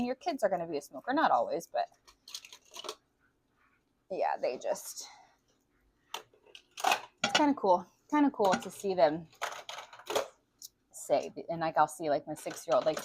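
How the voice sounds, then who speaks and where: A woman's voice: lowish voice, slight background noise. A woman in her forties, vlogging in a frank, casual way with lots of swearing and filler words. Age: 40s. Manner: frank and profane, filler-heavy, chatty. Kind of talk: candid casual vlog chat.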